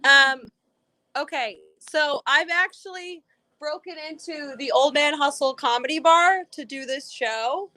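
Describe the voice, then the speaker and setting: A woman's voice: high voice, unhurried, bright, forceful tone. A woman comedian opening a streamed stand-up set in a playful, self-deprecating way. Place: at home on a video stream.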